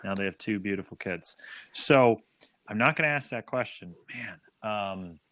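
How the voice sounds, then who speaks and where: A man's voice: on the low side, lively intonation, moderate pace, fairly bright tone. A man talking as a guest on a casual chat podcast, telling a story hesitantly and with many fillers.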